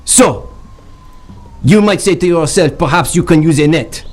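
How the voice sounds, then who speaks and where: A man playing a haughty male French butterfly collector in a put-on French accent, with overblown, halting phrasing, for an improv comedy stream. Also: a little high, a little mellow, lightly acted. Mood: grandiose. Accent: mock French.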